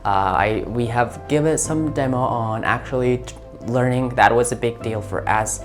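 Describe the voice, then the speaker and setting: A man hosting a tech video, talking informally and eagerly, often halting and repeating words as he chats with an AI assistant and his viewers. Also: medium pitch, faint music behind. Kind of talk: casual talk to an AI voice assistant and to viewers.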